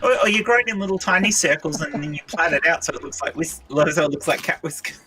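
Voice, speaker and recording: A man's voice: a little high, expressive, fast, a crowd in the background, poor audio. A man in casual group chat on a call, jokey and incredulous. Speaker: podcast guest.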